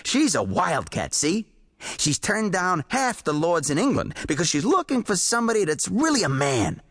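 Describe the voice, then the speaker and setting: A man voicing an excitable, boastful male pulp writer who rambles eagerly in folksy slang. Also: high voice, normal speed, no echo, clean studio sound, full character voice. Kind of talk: audiobook character voice.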